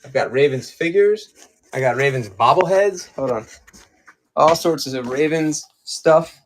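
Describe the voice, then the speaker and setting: A man's voice: fairly high pitch, lively intonation, a little slow, slight background noise. A man from Maryland running a live-stream collectibles auction, chatting casually with viewers while he sorts through items.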